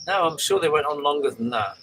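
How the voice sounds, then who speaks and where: A man's voice: fairly high pitch, animated, fast talker, bright, forceful tone, a little hiss or hum, rough recording. Rambling older man, chatty host. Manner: rambling, chatty, with frequent fillers and restarts. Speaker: live-stream host. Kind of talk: casual live-stream chat reading comments.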